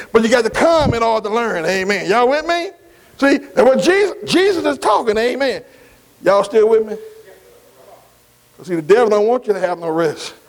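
A man preaching a sermon, slow and emphatic, repeating key words, asking his congregation questions and punctuating lines with amens. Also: very high-pitched, rough recording.

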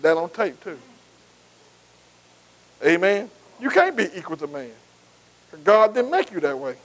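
A man's voice: high-pitched, very animated, a little slow, a bit bright, poor audio. A man preaching a sermon, emphatic and repetitive, calling on his congregation to answer him. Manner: call-and-response, asking the congregation to answer.

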